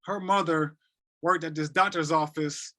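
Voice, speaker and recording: A man in his thirties from North Carolina, talking as a podcast guest. His voice sits high and bright for a man. He tells his story in an animated way, stumbles over repeated words and acts out the lines other people said. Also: a little slow. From North Carolina, USA. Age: 30s. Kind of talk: emotional storytelling.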